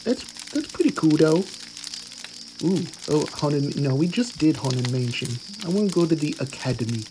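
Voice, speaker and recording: A man voicing a cheerful, eager pitbull puppy, commenting on gameplay with excitable gasps and goofy puns. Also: on the high side, moderate pace, background noise, close to an everyday voice. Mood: excited. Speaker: game commentator.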